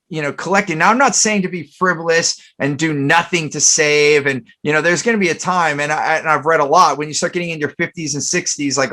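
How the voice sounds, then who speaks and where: Bright-voiced man telling rambling stories. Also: on the high side. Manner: rambling storyteller, many fillers and restarts. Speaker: podcast host. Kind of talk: casual podcast chat.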